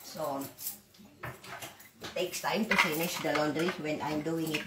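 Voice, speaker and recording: Woman vlogger, blunt and defiant, low voice, recorded from across a noisy, echoey kitchen. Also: fairly even intonation, takes it slowly. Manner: blunt, swearing, defiant rants between chores. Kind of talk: casual cooking vlog rant. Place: home kitchen, echoey room, away from the mic. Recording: echoey room, far from mic, loud background noise. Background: kitchen clatter of pots and dishes.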